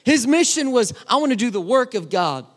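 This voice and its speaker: Man, children's sermon, very high voice, animated and emphatic, speaks right to kids. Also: brisk. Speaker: children's pastor.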